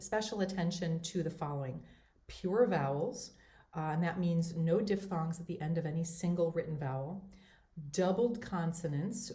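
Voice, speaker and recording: A woman teaching singing, with a fairly low speaking voice. She explains each point clearly and methodically, and her voice rings in a roomy space. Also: dark tone. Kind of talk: instructional voice lesson. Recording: roomy echo.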